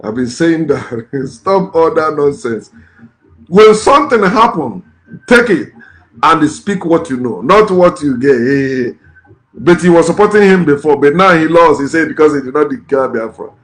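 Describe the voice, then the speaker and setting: Vlogger, man, fairly high voice, blunt and scornful political rant. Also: animated, moderate pace, fairly bright tone. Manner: blunt, scornful, repeats curses. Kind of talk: ranting political commentary.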